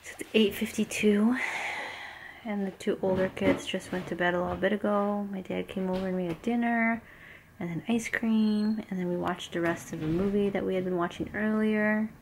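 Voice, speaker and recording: A woman's voice: mid-range voice, steady tone, moderate pace, darkish tone, slight background noise. A young woman, a mother vlogging casually to a handheld camera at home, rambling with lots of "like" and "um". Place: family home at night.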